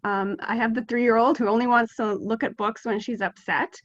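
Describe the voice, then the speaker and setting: A woman's voice: a little high, steady tone, moderate pace, fairly bright tone, dry recording. Hesitant mother on a dull, dry call line. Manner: hesitant, many ums. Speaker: caller, mother of a three-year-old. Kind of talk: asking advice on a call. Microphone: video call.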